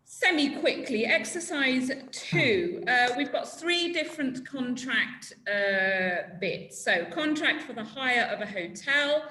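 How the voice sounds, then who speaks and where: A woman running a legal English lesson with a bright, forceful voice. She speaks slowly and prompts the class to finish each sentence, and the room has a noticeable echo. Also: sits high, expressive, a little hiss or hum. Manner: prompting students to fill in words, brisk and encouraging. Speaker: English teacher.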